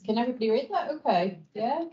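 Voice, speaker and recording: Woman, Northern Irish Ballymena accent, warm chatty writer at a seminar, muffled lo-fi sound. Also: a little high, animated, quick pace. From Northern Ireland. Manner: chatty, storytelling, uses "wee". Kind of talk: answering questions at an academic seminar.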